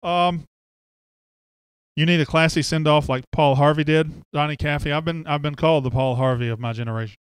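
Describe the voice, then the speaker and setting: A man with a fairly high, smooth, resonant voice hosts a sports podcast, chatting casually and joking as he reads out listener comments. The sound is dry and close, with no room around it. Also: fairly even intonation, fairly quick, no room sound. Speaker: podcast host.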